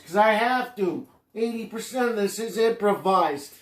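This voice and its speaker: A man riffing through a podcast monologue in a rambling, digressive way, cursing constantly. His voice sits a little high for a man. The room around him rings with a noticeable echo. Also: moderate pace, soft background music. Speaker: podcast host. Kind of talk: rambling improvised comedy monologue.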